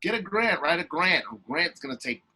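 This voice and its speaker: Husky, forceful storytelling man. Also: on the high side, brisk, rough recording. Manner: emphatic, lively, with many restarts and fillers. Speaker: guest, actor and comedian. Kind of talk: animated storytelling in a podcast interview.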